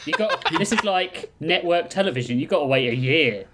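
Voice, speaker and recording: A man's voice: on the high side, lively intonation, brisk, noisy background. A man co-hosting a tabletop podcast, chatting casually and agreeably. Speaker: podcast co-host and player. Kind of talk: casual chat.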